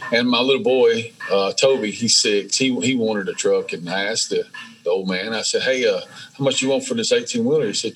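A man, a business owner being interviewed, telling stories in a casual, animated way and acting out the dialogue. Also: fairly low pitch, poor audio. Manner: animated, acts out dialogue in storytelling. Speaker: welding business owner, guest. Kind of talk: casual storytelling.

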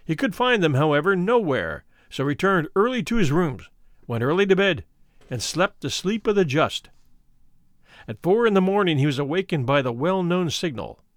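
A man narrating a classic horror tale with an expressive, varied delivery. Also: fairly high pitch, moderate pace, no echo, studio quality. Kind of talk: dramatic audiobook narration.

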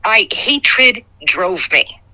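Middle aged woman, super bright sharp voice, telling her story raw and halting. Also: mid-range voice, animated, poor audio. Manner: raw, emotional, halting recollection. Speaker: guest. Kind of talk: personal testimony.

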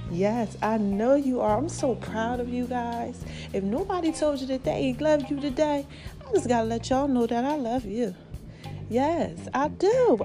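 A woman hosting a casual motivational podcast, folksy and affectionate, a little out of breath with a swollen throat. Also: sits high. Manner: folksy, affectionate, calls listeners baby and y'all. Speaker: podcast host.

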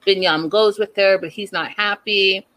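A woman recapping a reality show in casual, gossipy commentary, animated and incredulous. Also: mid-range voice, moderate pace, low-quality recording.

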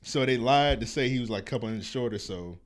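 A man's voice: mid-range voice, fast. A man co-hosting a casual, profane chat, laid-back and laughing often. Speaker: podcast co-host.

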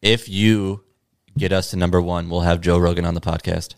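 A man's voice: low-pitched, fairly even intonation, moderate pace, no echo, studio quality. A man co-hosting a podcast in casual chat, trading jokes and playful asides. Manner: joking banter, playful asides. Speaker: podcast co-host.

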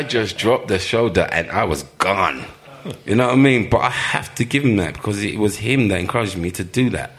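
A deep, gravelly-voiced former professional footballer, appearing as a guest, tells stories at a moderate pace in a live interview. He's an animated storyteller who laughs often and acts out the voices of people he quotes.

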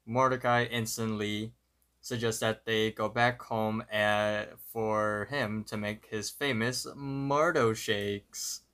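Male podcast co-host with a lower, forward-sounding voice, narrates plot loosely with plenty of "like" and "uh". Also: steady tone, takes it slowly, a bit bright, clear, resonant tone. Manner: loose, filler-heavy narration with quoted lines. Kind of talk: casual episode recap.

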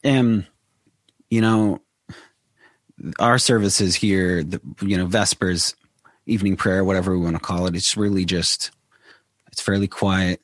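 A low-pitched man talking as a guest in a casual conversation, hesitant and trailing off while he hunts for the right words. The recording is dry and close. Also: fairly even intonation, unhurried, pauses often, no room sound. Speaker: church member guest.

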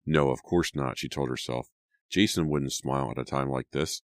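A man narrating a teen horror audiobook in a steady, dramatic storytelling manner. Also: extremely low pitch, normal speed, no echo.

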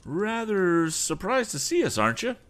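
A man's voice: a little high, very animated, normal speed, a bit bright, pitched above the performer's own voice. A man voicing a scheming rival agent who taunts with a mocking tone. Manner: sneering, taunting.

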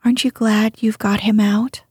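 A woman doing a gentle old grandmother. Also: mid-range voice, little pitch movement, normal speed, breathy edge, no echo, studio quality. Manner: gentle, soothing.

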